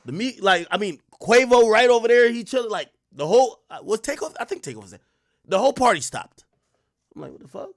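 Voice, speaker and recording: A man in his thirties, a streamer host, telling a story in casual, profane street slang, jumping from loud bursts to muttered asides. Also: high voice, animated, a little fast, no echo, studio quality.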